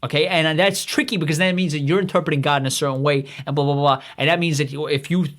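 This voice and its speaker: A man's voice: on the high side, fairly even intonation, fast, a bit bright. A man hosting a comedy podcast, rambling through a profane monologue with many restarts. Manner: acts out quoted voices in his own voice. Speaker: podcast host.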